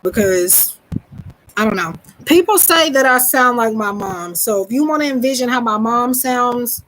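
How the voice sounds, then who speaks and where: A woman's voice: a little high, a bit bright, poor audio. A woman with a Southern US accent, a psychic reader hosting a live stream, talking casually and rambling with many restarts. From Southern United States. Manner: rambling, chatty, self-deprecating, with many restarts.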